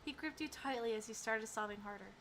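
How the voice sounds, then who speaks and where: A woman streamer reading a visual novel aloud and reacting excitedly between calm narration. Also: a little high, quick pace, slight background noise.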